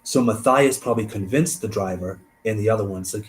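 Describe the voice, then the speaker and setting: A man hosting a stream, reading a case aloud and thinking out loud between passages, trailing off and restarting. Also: on the low side, a little fast, rough recording. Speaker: host.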